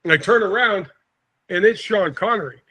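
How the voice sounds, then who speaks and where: A man in his sixties from St. Louis, a podcast guest telling an animated anecdote and acting out the quotes. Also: high-pitched, normal speed, slightly rough. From St. Louis, USA. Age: 60s. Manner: lively storyteller, acts out quotes, chuckles often.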